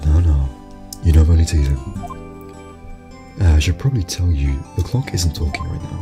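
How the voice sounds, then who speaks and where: A man voicing a calm, caring older sister who works as a lawyer, speaking gently. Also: very deep voice, moderate pace, music in the background. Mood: gentle.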